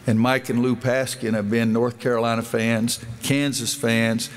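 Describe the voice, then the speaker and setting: A man in his sixties addresses a crowd in an arena through a microphone, telling a long folksy story. He acts out the back-and-forth of the conversation, and his voice sits at an ordinary middle pitch. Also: little pitch movement, a little slow. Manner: folksy storytelling, acting out quoted dialogue. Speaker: basketball coach giving a speech. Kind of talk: speech at a dedication event.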